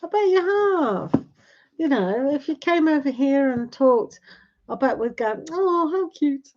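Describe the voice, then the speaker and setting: Lady chatting on a tarot stream, bit high, rambly, muffled lo-fi audio. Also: animated, a little slow, mellow. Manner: chatty, rambling, tag questions. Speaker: tarot livestream host. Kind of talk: casual chat with live viewers. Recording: dull lo-fi livestream audio.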